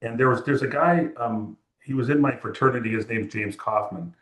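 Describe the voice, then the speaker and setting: A man's voice: mid-range voice, normal speed, fairly bright tone. A music photographer from California, a man, chatting as an interview guest and rambling through anecdotes with quoted dialogue. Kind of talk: relaxed interview storytelling. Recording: roomy echo.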